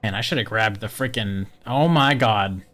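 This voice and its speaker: A video game streamer giving casual gameplay commentary, animated, laughing often and swearing casually. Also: medium pitch, normal speed.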